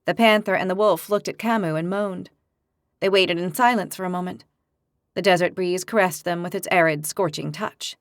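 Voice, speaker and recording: A woman narrating a fantasy audiobook with even, clear storytelling, recorded on a close studio mic. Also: fairly low pitch, normal speed, no echo.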